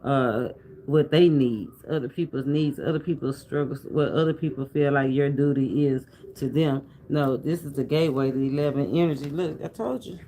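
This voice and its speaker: A man's voice: mid-range voice, normal speed, warm tone, a little hiss or hum, rough recording. A man giving a casual tarot reading to viewers, talking in a loose, repetitive, preacher-like rhythm with asides to the audience. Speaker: tarot reader.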